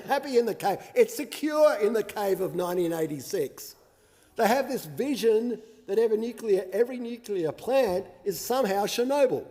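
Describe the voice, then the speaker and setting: An Australian man with a high voice argues his point in a sarcastic, combative parliamentary speech. His words ring out with a long reverb through a large chamber. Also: animated, moderate pace, mellow. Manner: combative and sarcastic, mocking opponents. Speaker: member of parliament.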